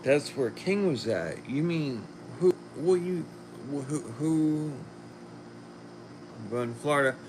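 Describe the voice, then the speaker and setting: A man hosting a casual livestream, chatting to viewers and reading their comments while a little sick, talking in a slow, rambling way and trailing off. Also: a little high, animated, background noise. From Philadelphia. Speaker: livestream host.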